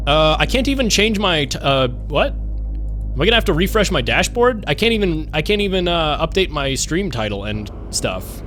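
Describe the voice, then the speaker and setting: Young man, game streamer, rambling jokey chat, slightly high-pitched, desk mic with music playing faintly behind. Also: very animated, moderate pace. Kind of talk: casual live-stream chat.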